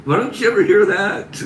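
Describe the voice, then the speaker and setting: A man with a high-sitting voice runs a casual live stream, reading comments aloud while giggling, teasing and laughing constantly. His phone camera captures a little hiss or hum, plus echo from the room and music behind him.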